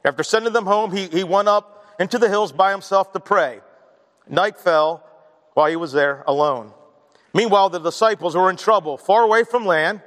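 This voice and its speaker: A man's voice: high voice, fairly bright tone, big-room sound. A man preaching a sermon to his congregation, mixing scripture reading with chatty asides, then leading a prayer. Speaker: pastor. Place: church sanctuary.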